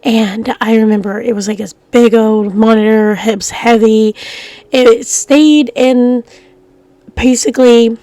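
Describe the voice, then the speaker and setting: A woman's voice: fairly high pitch, steady tone, slow pace, dark tone, no echo. Groggy-voiced woman rambling with fillers. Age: middle-aged. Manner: rambling, many fillers and restarts. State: groggy voice after coughing. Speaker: vlogger. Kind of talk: casual rambling talk to camera.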